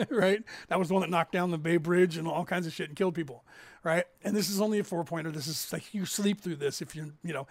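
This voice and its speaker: A man in his fifties from California, rambling casually as he hosts a livestream and tells stories, with a raspy edge. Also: high-pitched, fast talker, dry recording. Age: 50s. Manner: rambling storyteller, acts out others' lines in raised voices. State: raspy from COPD. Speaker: livestream host.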